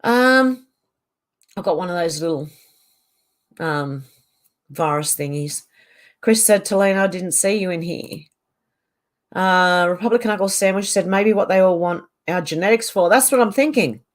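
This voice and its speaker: A woman's voice: fairly low pitch, normal speed. A middle-aged Australian woman chatting casually from her home on a livestream, reading out and answering viewer comments. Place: home on a mountain.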